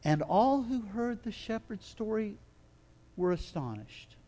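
High-voiced man preaching dramatically. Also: sing-song, unhurried. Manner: dramatic, swings from hushed to loud and emphatic. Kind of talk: sermon.

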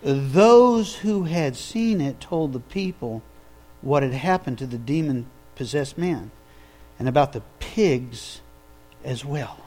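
A male preacher delivering a sermon, telling the story with lively energy and asking his listeners questions. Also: medium pitch, slow pace. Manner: animated storytelling, asks the audience questions.

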